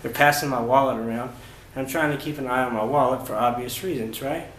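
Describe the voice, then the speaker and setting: A man vlogging about his travels, recounting events in a casual, halting way with many fillers and restarts. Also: medium pitch, fairly bright tone. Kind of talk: casual first-person storytelling. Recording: roomy echo with faint ambient noise.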